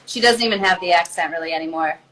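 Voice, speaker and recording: A woman's voice: lowish voice, quick pace, fairly bright tone, slight background noise, low-quality recording. Eager, curious woman hosting a cooking call. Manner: eager, giggly, asks many questions. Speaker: host. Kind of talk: casual cooking show chat. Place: home kitchen.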